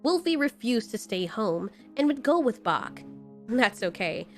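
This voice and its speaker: Woman, horror story narrator, fairly high voice, measured pacing, soft music underneath. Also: big pitch swings. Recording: faint background music.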